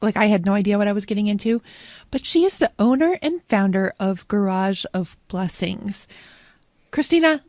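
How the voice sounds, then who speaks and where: A woman podcast host warmly introducing her guest in an enthusiastic, effusive way. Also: medium pitch, lively intonation, moderate pace, no room sound. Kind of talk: interview introduction.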